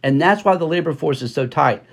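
Podcast host, a man with a fairly high voice, forceful and repetitive market commentary, lots of fillers. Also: fairly quick, gravelly, breathy edge. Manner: emphatic, repeats words for stress; frequent fillers and restarts.

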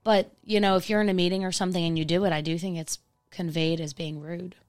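A woman co-hosting a podcast in casual chat, telling stories in a chatty, animated way. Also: lowish voice, fast, dry recording, studio quality. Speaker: podcast co-host.

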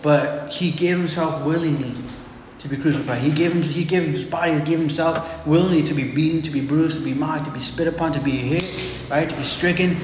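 A man's voice: fairly high pitch, steady tone, a little fast, background noise. A man preaching a sermon in a loose, conversational way, often calling listeners "man" and restarting his phrases. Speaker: pastor. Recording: echoey hall.

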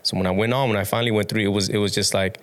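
A low-pitched young man talking in a loose, rambling way as a podcast guest. He restarts his sentences often, swears casually and laughs along as he goes. It sounds like relaxed interview chat. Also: racing.

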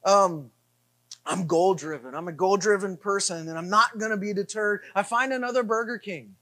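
A middle-aged man preaching, telling a self-deprecating story in an animated way with repeated refrains. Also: high voice, moderate pace. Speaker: pastor. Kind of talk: sermon storytelling.

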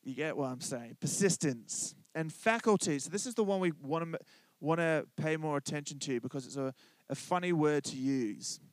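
Man, pastor, sermon, slightly high voice, dry close sound, chatty and joking. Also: expressive, normal speed, no room sound. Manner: conversational, joking, asks congregation to respond. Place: church.

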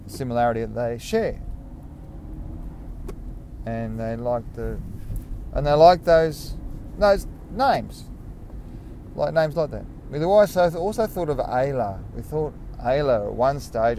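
A man's voice: mid-range voice, warm tone. A young man hosting a casual solo podcast from his car, musing and rambling while he drives. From Australia. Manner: rambling, musing, self-correcting. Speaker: podcast host. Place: inside a car while driving. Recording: faint road noise in a car. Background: car and street noise.

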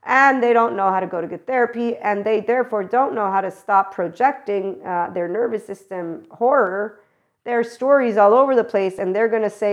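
A woman's voice: fairly high pitch, moderate pace. A woman hosting a spiritual talk, rambling casually, laughing often and acting out the voices of people she quotes. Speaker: spiritual channeler and podcast host.

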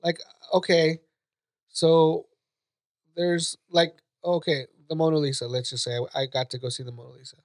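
A man's voice: fairly high pitch, flat delivery, normal speed. A man co-hosting a podcast in casual chat, rambling and hesitant with many restarts. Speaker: podcast co-host.

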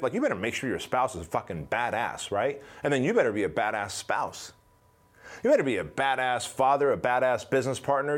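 A man giving a motivational talk in a blunt, profane, emphatic way, telling a story with big swings in pitch and loudness. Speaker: motivational speaker.

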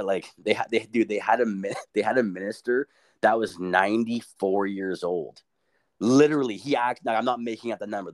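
A young man telling a crude story in casual chat, swearing constantly and acting out what people said. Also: on the low side. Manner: profane, animated, quotes people in funny voices.

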